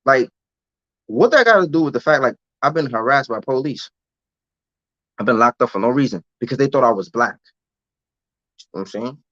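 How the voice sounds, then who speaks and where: This young man from the United States gets animated in his live-stream rant, talking a little fast in a medium-pitched, slightly bright voice, yet leaving long pauses. He leans on loose street slang and keeps repeating himself. No echo, just a dull, dry lo-fi sound.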